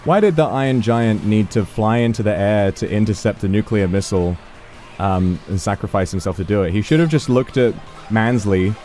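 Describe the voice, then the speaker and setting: Male streamer, casual gaming chat, low voice, warm mellow tone, reflective and emotional, faint music behind. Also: normal speed. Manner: reflective, emotional musing between game reactions.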